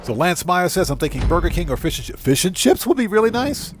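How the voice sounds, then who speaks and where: A man live-streaming a video game, chatting casually and excitably with his viewers from a home streaming setup. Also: sits high, fast talker, slight background noise. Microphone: streaming setup microphone.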